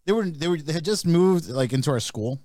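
A young man co-hosting a podcast, telling a story in a teasing, halting way. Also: on the high side, expressive, warm tone, no echo, studio quality. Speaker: podcast co-host. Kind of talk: casual chat.

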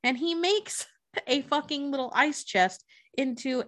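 A woman with a slightly high voice tells a film's story in loose, casual chat. She swears freely and jumps into the characters' lines as she goes. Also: lively intonation, unhurried, fairly bright tone. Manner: profane, chatty, acts out characters' lines. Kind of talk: casual movie recap storytelling.

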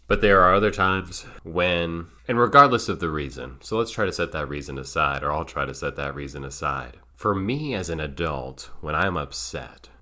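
A man who works as a child play therapist, speaking in a calm, measured, thoughtful way. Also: a bass voice. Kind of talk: reflective solo talk.

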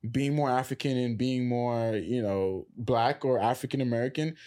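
A man hosting a casual podcast chat, from Nigeria, talking in an animated storytelling way. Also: medium pitch, moderate pace. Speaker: podcast host.

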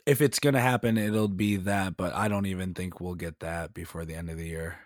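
A man's voice: low voice, steady tone, brisk, no room sound, clean studio sound. A man co-hosting a podcast, chatting casually in an easygoing way. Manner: easygoing, laughs often. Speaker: podcast co-host. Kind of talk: casual chat.

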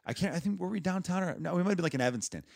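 A man hosting a podcast, chatting casually and telling quick stories. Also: sits high, animated, creaky, heavy background noise. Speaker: podcast host.

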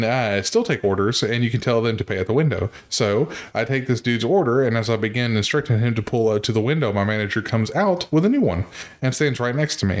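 Laid-back man reading stories aloud. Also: medium pitch. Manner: laid-back, chuckles often, swears casually. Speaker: podcast co-host reading stories. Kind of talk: casual podcast chat, reading posts aloud.

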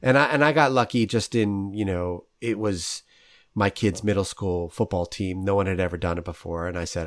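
A man's voice: low-pitched, a little fast, dry recording, studio quality. A man, hosting a casual interview and telling stories with laughs. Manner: storytelling, animated, laughs often. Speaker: podcast host.

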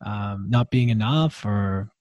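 A man's voice: lowish voice, slow pace, darkish tone, dull audio. A man answering hesitantly in conversation, trailing off mid-sentence.

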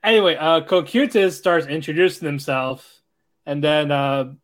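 A man co-hosting a podcast in casual chat, giving short replies and brisk play-by-play recaps. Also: on the high side. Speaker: podcast co-host.

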